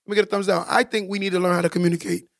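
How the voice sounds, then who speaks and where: A man's voice: high-pitched, little pitch movement, very fast, gravelly, heavy background noise. A man co-hosting a casual podcast, talking emphatically and preachily, repeating points for stress. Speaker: podcast co-host.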